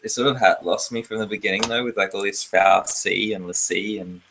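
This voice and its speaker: A man low-voiced, easygoing co-host, faint noise and clicks behind. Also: fairly even intonation, a little fast, vocal fry, fairly bright tone. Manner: easygoing, asks questions, chuckles. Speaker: podcast co-host. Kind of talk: casual chat.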